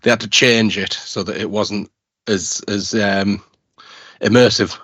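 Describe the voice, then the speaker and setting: A man's voice: lowish voice, fairly even intonation, measured pace, a bit bright, breathy edge, dry recording. A man co-hosting a casual podcast, throwing in dry joking asides. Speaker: podcast co-host. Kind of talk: casual chat.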